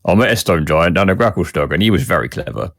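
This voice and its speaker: A man's voice: sits low, animated, quick pace, vocal fry, fairly bright tone, dry recording, studio quality. A man playing a tabletop game, speaking in character in a chatty, casual way. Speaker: player.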